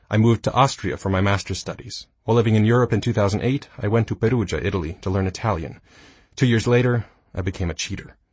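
Husky low-voiced man narrating nonfiction. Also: no room sound. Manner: dry, self-mocking humor. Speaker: audiobook narrator.

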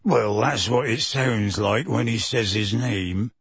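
Male narrator voicing a huge soft-hearted giant, low rough voice, hushed and earnest, audiobook. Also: dry recording, exaggerated voice. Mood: anxious. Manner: hushed, slow, earnest pleading. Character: huge gentle half-giant man, tearful and anxious. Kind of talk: audiobook character voice.

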